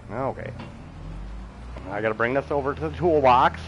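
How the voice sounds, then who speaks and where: A man's voice: medium pitch, normal speed, noisy background. A middle-aged man casually commenting on his farming game as he plays. He chats with viewers, chuckles often and talks to himself about the next task. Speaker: game streamer. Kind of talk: casual gameplay commentary while reading chat.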